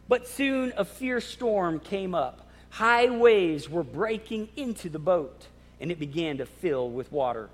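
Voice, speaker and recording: Guy with a really high voice preaching a sermon, big echoey hall, dramatic and emphatic, stumbles and repeats words. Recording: long hall reverb.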